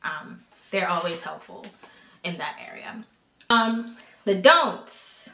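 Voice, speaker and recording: A woman's voice: lowish voice, lively intonation, takes it slowly, pushed and bright, echoey room. An American woman hosting a podcast, giving frank advice in a blunt, profane, exasperated way. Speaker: podcast host.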